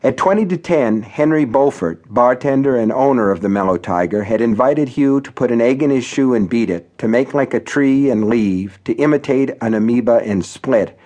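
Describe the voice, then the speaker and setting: A man's voice: medium pitch, moderate pace, few pauses, a little mellow. A man narrating his own horror novel for an audiobook. His telling is wry and conversational, dry humor slipping into the prose.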